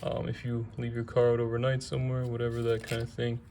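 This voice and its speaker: Guy talking thru his car project step by step, mellow voice with some fry, relaxed and chatty. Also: mid-range voice, fast talker, a little hiss or hum. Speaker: car restoration hobbyist vlogger. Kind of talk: casual how-to narration while working on a car.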